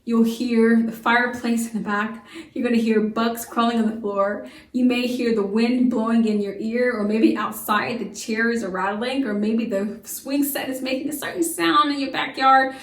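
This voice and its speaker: A lively woman teacher leads a young class, firing off questions and answering them herself. Her voice sits a little high. She sounds a few steps back from the mic in an echoey room. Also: moderate pace, recorded from a distance. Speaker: homeschool teacher. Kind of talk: children's science lesson to camera.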